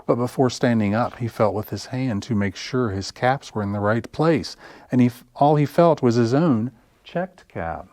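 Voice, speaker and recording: A children's librarian reading picture books aloud at story time, slow and expressive. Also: male voice, medium pitch, dry recording. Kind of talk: picture-book read-aloud.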